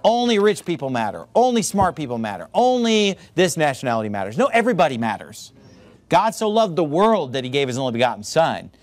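A man preaching a sermon in an informal, animated way, full of asides to the room and quick mimicry. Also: on the high side, no room sound. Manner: informal filler-heavy delivery.

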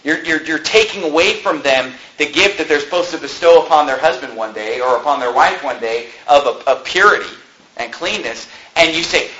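A man preaches with a high, bright, fervent voice, pressing each point through repetition. His sermon rings out in a roomy, echoing space, with a faint hiss underneath. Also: animated, moderate pace, highs cut off. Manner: fervent, emphatic, repeats phrases for emphasis. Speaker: pastor. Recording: roomy echo.

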